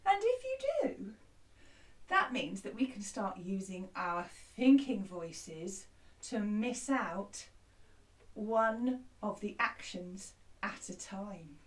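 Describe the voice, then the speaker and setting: A woman's voice: medium pitch, sing-song, slow, far from the mic. A woman teaching a children's music lesson who sings an action song and cheerfully explains each step. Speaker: primary school music teacher.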